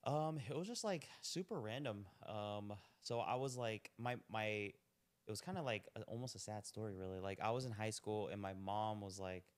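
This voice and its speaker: Young male guest, lowish smooth voice, rambling easygoing chat. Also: moderate pace. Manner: laid-back, rambling, lots of "like". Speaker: podcast guest, restaurant owner. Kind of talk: casual chat.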